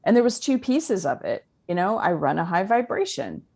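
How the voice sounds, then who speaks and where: A woman's voice: medium pitch, sing-song, moderate pace, gravelly, a little mellow, breathy edge. A woman speaking as a life coach guest on a podcast, earnest and conversational, with many fillers. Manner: earnest, talks in spiritual self-help terms with many fillers.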